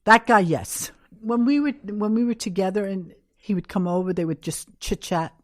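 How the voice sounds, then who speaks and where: A woman's voice: mid-range voice, moderate pace, no room sound, clean studio sound. An older woman with a New York accent, a guest telling candid stories in an interview and acting out the quotes. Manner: candid, anecdotal, acts out quotes. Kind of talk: storytelling in an interview.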